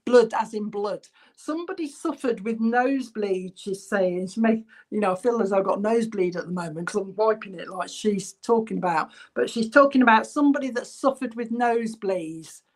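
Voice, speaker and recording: A woman working as a spiritualist medium in an online church service, passing on spirit messages in a halting, chatty way and addressing viewers by name. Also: mid-range voice. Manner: halting, relays spirit messages with many ums. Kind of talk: online church clairvoyance reading.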